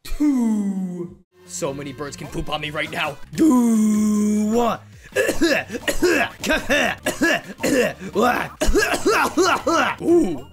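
Animated woman, lively gameplay commentary. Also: mid-range voice, very slow, soft background music. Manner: animated, self-mocking, swings between groans and cheers. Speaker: gaming YouTuber.

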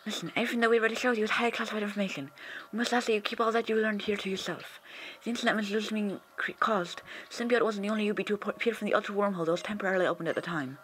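A man doing a soft-spoken female police chief. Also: sits high, steady tone, a little hiss or hum, voice pushed up. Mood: measured. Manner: soft, measured and formal. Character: composed female chief of a secret police unit.

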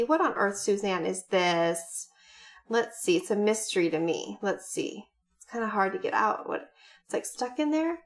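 A woman vlogger opening fan mail on camera, chatting casually, gushing and excited, with frequent gasps and many rambling fillers. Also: on the high side.

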